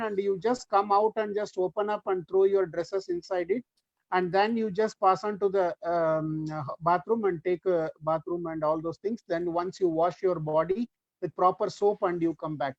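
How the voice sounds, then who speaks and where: Fast-talking Indian man lecturing online. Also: sits high, fairly even intonation, creaky, no echo. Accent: Indian English. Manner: fast, rambling, many fillers. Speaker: webinar speaker, physiotherapist. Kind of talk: lecture over a video call. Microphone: computer or headset mic on a video call. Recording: dull, lo-fi video call audio.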